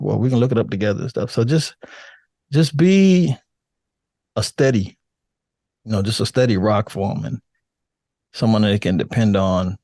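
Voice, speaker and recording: An older man with a somewhat low voice tells his stories in a relaxed, meandering way, laughing easily. The sound is dry and close, with no room around it. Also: moderate pace, pauses often, dry recording. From United States. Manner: relaxed, rambling, laughs often. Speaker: guest. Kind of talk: casual chat.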